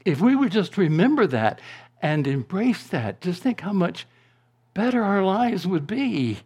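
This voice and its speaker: A man preaching a sermon to his congregation, slow and deliberate, rising to emphatic proclamations and dropping to a hush. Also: sits high, very animated, breathy edge. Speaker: pastor.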